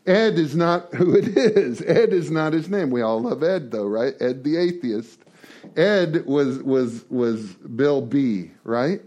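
Slow and a little mellow, this medium-pitched man addresses a recovery group as leader of a twelve-traditions study series. His manner is loose, with jokes and repeated words as he works through his thoughts.

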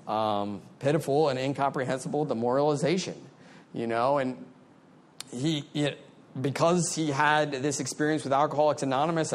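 A middle-aged man talking candidly and loosely, full of "like" and "you know". His voice sits at an ordinary mid pitch. He speaks in a relaxed, conversational way. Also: slight background noise. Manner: candid, conversational, many fillers. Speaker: speaker sharing recovery story. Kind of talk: personal storytelling.

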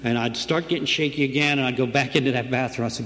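A man's voice: medium pitch, fairly even intonation, fast talker, a bit bright. Middle-aged guy sharing his recovery story at a meeting, chatty storyteller, keeps saying right?, long reverby room w/ faint hiss. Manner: storytelling, conversational, asks "right?" often. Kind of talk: personal recovery story told to a group.

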